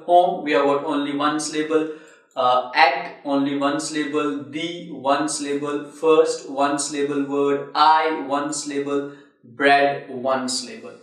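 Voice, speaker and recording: A man giving a recorded literature lecture, explaining carefully and counting syllables aloud. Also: a little high. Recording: very echoey room, mic at a distance.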